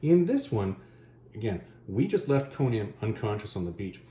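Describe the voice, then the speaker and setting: A man with a fairly low, mellow voice that swings widely in pitch as he retells a comic story in a casual, slangy way. He throws in offhand asides. The sound is roomy and a little dull. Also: big pitch swings, moderate pace, slight background noise. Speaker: comic book reviewer.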